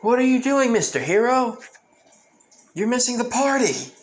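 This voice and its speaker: A man shouting as a brash teenage hero. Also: extremely high pitch, big pitch swings, normal speed, pitched above the performer's own voice. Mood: teasing. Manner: yelling, teasing. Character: brash teen boy hero, teasing.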